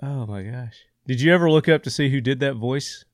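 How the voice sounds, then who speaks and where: A man's voice: medium pitch, dry recording, studio quality. A man hosting a podcast, jovial and chuckling through casual chat. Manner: jovial, chuckling, quick asides. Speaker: podcast host.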